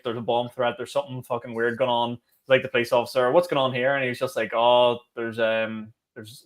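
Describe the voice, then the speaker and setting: A young Northern Irish man co-hosting a podcast, telling stories in rapid casual chat, swearing and acting out quotes. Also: medium pitch, a bit bright. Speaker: podcast co-host.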